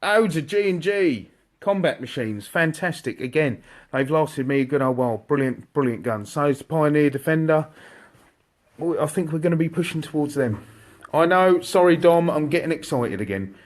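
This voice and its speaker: A man, an airsoft shop owner, chatting casually and excitably to viewers on a live stream from inside his shop. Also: fairly high pitch, moderate pace. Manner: chatty, excitable, jokey, addresses viewers directly.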